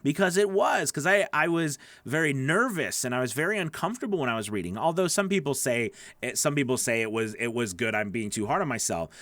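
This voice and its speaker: A man's voice: medium pitch, lively intonation, a little fast, hardly any pauses, a bit bright, no room sound. A man coaching voice actors on a live stream, chatty and encouraging as he answers viewer questions into a studio microphone. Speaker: voice-over coach.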